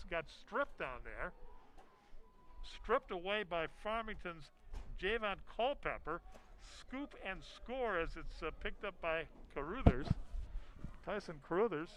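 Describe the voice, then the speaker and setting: A man calling a high school football game with folksy, chatty commentary, full of fillers and self-deprecating asides. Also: slight background noise, rough recording. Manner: folksy, chatty, laughs at himself, lots of fillers. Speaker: play-by-play announcer.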